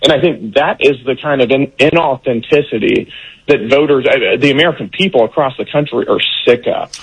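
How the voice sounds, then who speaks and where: Man from Texas, political guest, husky, indignant, fast bursts, radio line. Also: medium pitch, rough recording. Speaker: congressman guest. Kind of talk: political interview.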